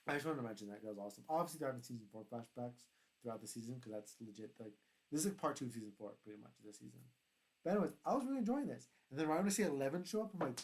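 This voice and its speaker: Rambling excitable young man. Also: medium pitch, racing. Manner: rambling, excitable, self-correcting. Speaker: YouTuber reviewing a TV show. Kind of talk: casual solo review chat.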